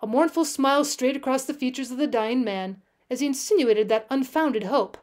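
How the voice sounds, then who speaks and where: A woman teacher narrates a classic story as an audiobook, steady and measured. Her voice is high and light. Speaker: teacher reading aloud.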